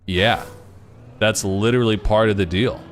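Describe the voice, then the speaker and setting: A man's voice: lowish voice, fairly even intonation, moderate pace, a little hiss or hum. A man streaming a racing game, chatting casually and rambling to his viewers. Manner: chatty, rambling, talks to chat. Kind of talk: casual live-stream chat while gaming. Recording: game music loud behind voice. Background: game music and car sounds.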